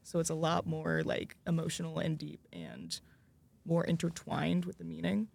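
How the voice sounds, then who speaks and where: A young man from the United States speaks casually on a student panel, his voice a little higher than most men's and full of gravelly fry. He rambles and hunts for examples with lots of "like.". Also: sing-song, normal speed, darkish tone. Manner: rambling, searches for examples, many "like" fillers. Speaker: student studying French.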